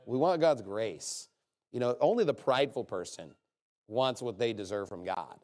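A man preaching a sermon in a conversational, emphatic way, often checking in with "okay?" and swinging from quiet asides to loud bursts. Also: animated, moderate pace. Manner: swings from low, quiet asides to loud, high-pitched outbursts.

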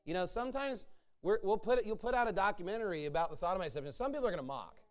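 A man's voice: high voice, expressive, very fast. A man preaching a sermon to his church, emphatic and repetitive as he rallies his listeners.

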